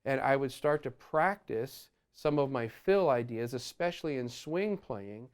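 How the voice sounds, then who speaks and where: A man teaching a drum lesson, explaining dynamics in a relaxed way and sometimes scatting phrases, with drums playing behind him. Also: medium pitch, a little slow, clean tone. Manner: explains while playing, counts beats aloud loudly over drums; scats horn phrases to show accents. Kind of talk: instructional lesson. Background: drum kit playing.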